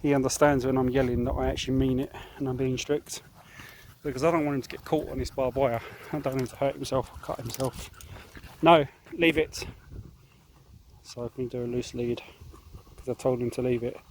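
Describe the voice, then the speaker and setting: A man vlogging a dog walk, explaining calmly and giving firm commands to his dog. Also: mid-range voice, fast, a little hiss or hum, rough recording. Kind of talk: casual vlog narration while walking a dog. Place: outdoors in fields and paddocks. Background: light outdoor ambience.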